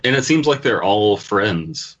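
A man's voice: on the low side, lively intonation, measured pace, fairly bright tone. A man co-hosting a comedy podcast, reading a story aloud with crude, sardonic asides. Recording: dull lo-fi recording.

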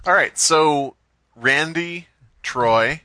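A man's voice: on the high side, very slow, bright, forceful tone, no echo. A man co-hosting a comedy podcast, teasing and joking throughout. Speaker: podcast co-host. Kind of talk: comedic banter.

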